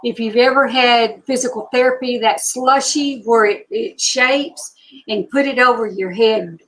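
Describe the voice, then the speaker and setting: Slow-drawling Southern woman in her sixties. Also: on the high side, fairly bright tone, rough recording. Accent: Southern US (Alabama). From Alabama, US. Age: 60s. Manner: chatty, slow Southern drawl, greeting viewers by name. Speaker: psychic reader hosting a live stream. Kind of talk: casual live-stream chat with viewers.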